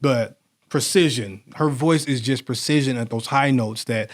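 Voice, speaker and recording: A man co-hosting a podcast in casual chat, animated and rambling, often restarting his sentences. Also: mid-range voice, moderate pace. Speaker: podcast co-host.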